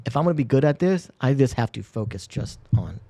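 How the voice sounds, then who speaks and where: A man who works as a real estate agent, a guest in a casual chat, relaxed and laughing along, sometimes losing his thread. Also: medium pitch, fairly quick, vocal fry, no room sound. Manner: relaxed, laughs along, trails off mid-thought.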